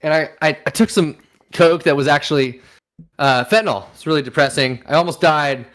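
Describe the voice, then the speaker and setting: A man co-hosting an improv comedy show in casual chat, goofy, giving deadpan absurd answers and laughing, over a voice call. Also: fairly high pitch, brisk.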